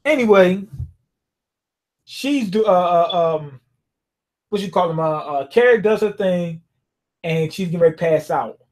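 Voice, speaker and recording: A man's voice: sits high, animated, a little slow, pauses often, darkish tone. A man giving a rambling, slangy recap of a manga chapter, slipping into quoted dialogue as he goes. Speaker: manga reviewer.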